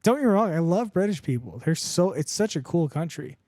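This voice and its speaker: A man co-hosting a podcast in a jokey, animated way, laughing often. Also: on the high side, fairly quick, dry recording, clean studio sound. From Mexican heritage. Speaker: podcast co-host. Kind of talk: casual podcast banter.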